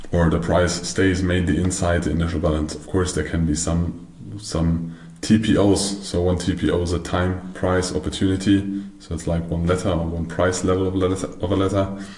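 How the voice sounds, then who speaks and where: Deep-voiced man teaching a trading lesson. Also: little pitch movement, normal speed, a little mellow, echoey room. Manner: methodical, restarts and corrects himself. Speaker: trading course instructor. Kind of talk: explaining slides in a recorded lesson.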